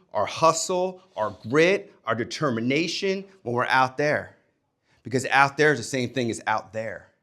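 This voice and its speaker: Addressing a young audience, a man who used to coach delivers an emphatic pep talk in a mid-range voice, alternating between booming and quiet moments.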